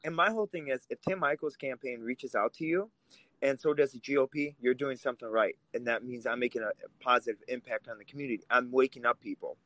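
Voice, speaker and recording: A man's voice: medium pitch, quick pace, bright, forceful tone, dry recording, poor audio. A man from Russia, co-hosting a political podcast and talking in a heated, emphatic way. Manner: heated, emphatic, swears when angry. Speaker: podcast co-host.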